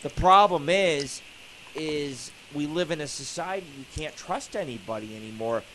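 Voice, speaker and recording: A man hosts a live internet radio show in a rambling, foul-mouthed comic rant. His voice sits a little high for a man. A faint hiss runs under the recording. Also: moderate pace, sharp tone, rough recording. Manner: profane, rambling, joking.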